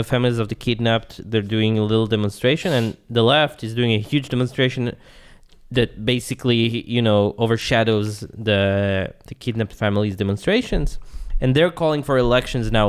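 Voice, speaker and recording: A man's voice: mid-range voice, clear, resonant tone. A man co-hosting a podcast in casual chat, tossing in dry, wry remarks. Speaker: podcast co-host.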